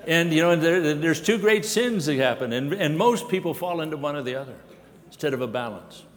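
A man's voice: fairly high pitch, animated, fairly quick, long reverb tail. An older man preaching a sermon in a folksy, rambling way, with many fillers. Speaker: pastor. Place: conference hall.

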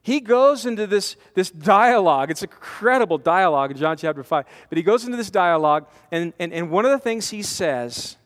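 Guy in his 40s preaching to a men's conference, pretty high voice, big hall echo, animated, acts out the quotes. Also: a little fast, few pauses. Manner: animated, acts out quotes, repeats words when pressing a point. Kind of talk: conversational sermon. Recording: long hall reverb from a conference.

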